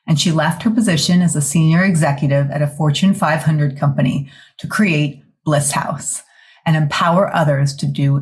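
A woman hosting a podcast, introducing her guest with enthusiastic, effusive warmth. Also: sits low. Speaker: podcast host.

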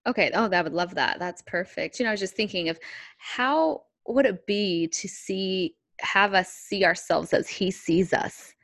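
A woman's voice: medium pitch, moderate pace, fairly bright tone, no echo, studio quality. A woman from Southern California, a podcast co-host, chatting casually and gushing enthusiastically.

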